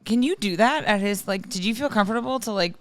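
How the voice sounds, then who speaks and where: Young woman podcast guest, candid and self-mocking, clear resonant tone. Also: medium pitch, quick pace. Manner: candid, rambling, self-deprecating. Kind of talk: casual podcast chat.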